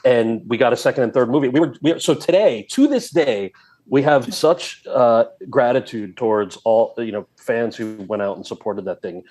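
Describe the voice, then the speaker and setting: A man's voice: mid-range voice, moderate pace. A man in his forties from New Jersey, a podcast guest telling a story and acting out the dialogue. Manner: animated, acts out quoted dialogue. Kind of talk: casual storytelling.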